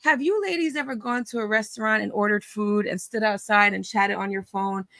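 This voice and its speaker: A woman's voice: medium pitch, fairly quick, sharp tone, no room sound. A woman hosting a casual online chat, telling a story in a blunt, mocking way. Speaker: host.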